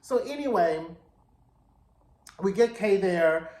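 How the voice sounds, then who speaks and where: A man's voice: sits high, animated, slow, a little mellow, echoey room. A man giving a casual, slangy recap of a TV episode, telling it with sass and drama. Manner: sassy, slangy, dramatic storytelling. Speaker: TV recap reviewer.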